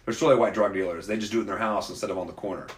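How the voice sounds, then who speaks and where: A man's voice: fairly low pitch, steady tone, very fast. A man talking casually in a rambling, opinionated way, like a podcast host. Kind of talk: casual conversation. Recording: roomy echo.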